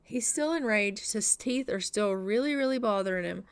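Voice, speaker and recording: A woman's voice: medium pitch, lively intonation, normal speed, clear, resonant tone. A woman narrating a life-sim game story for her channel in a chatty, playful way. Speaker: gaming YouTuber. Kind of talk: casual let's-play narration.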